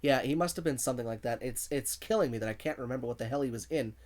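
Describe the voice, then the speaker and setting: A man's voice: medium pitch, quick pace, a little mellow. Chatty male gaming streamer. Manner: chatty, reads viewer messages aloud and laughs often. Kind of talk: casual livestream commentary.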